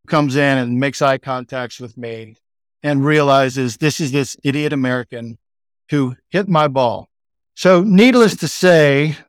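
Recorded in a clean studio with no room sound, a middle-aged man from Texas talks in a smooth, mid-range voice. He's a sales executive guesting on a podcast, spinning a laid-back, chatty story packed with "like" and "you know."

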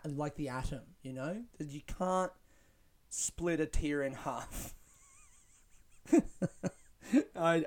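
A young man hosting a casual solo podcast, rambling with frequent swearing and laughing at his own jokes. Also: mid-range voice. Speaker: podcast host.

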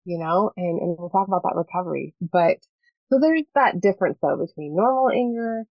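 This woman has a lowish, expressive voice, captured in a dull, slightly lo-fi dry recording. She's a guest on a casual podcast, talking earnestly about parenting in quick bursts and often checking in with "right?"

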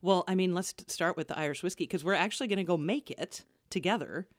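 A woman radio host co-hosting a podcast in casual chat, with a smooth, measured presenter delivery that turns conversational. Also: on the low side, dry recording, studio quality.

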